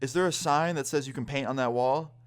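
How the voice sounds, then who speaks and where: A man's voice: mid-range voice, brisk, clean tone, voice pushed up, natural voice. A man quoting a bored, offhand park security guard. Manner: offhand, teasing.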